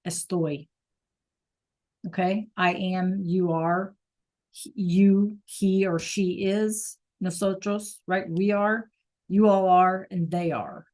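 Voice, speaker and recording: A woman teacher talks her online class through a lesson in a relaxed, unhurried way. She is chatty and casual, full of fillers and quick check-ins with her students. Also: medium pitch. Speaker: Spanish teacher.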